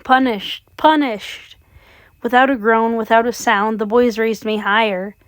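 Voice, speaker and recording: A woman's voice: on the high side, level tone, normal speed, dry recording. A woman reading a horror story aloud with dramatic, suspenseful narration. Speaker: audiobook reader.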